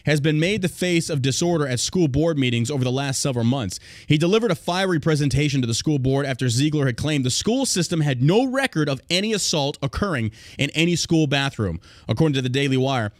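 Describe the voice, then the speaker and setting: A man's voice: medium pitch, no room sound, studio quality. A man hosting a podcast who rants in a heated, profane, emphatic way and speaks directly to his listeners. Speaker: podcast host. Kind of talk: angry podcast rant.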